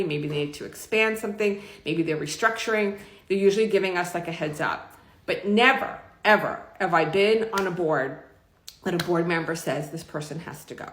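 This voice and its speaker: A woman's voice: lowish voice, a bit bright. A middle-aged woman telling a personal story to camera in a frank, emotional, rambling way. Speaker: vlogger. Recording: echoey room.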